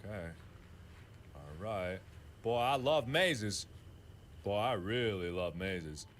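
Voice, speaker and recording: A man's voice: on the low side, animated, slow, a bit bright, slight background noise. A man playing a horror game and talking to himself, chatty and joking as he explores. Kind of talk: casual solo game commentary.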